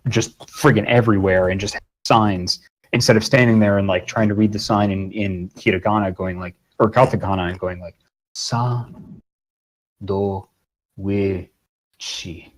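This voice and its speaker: A man with a somewhat low voice gives a rambling, casual interview as a guest. He swears freely in a loose, easygoing way. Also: fairly even intonation, brisk, low-quality recording. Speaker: guest voice actor and game master.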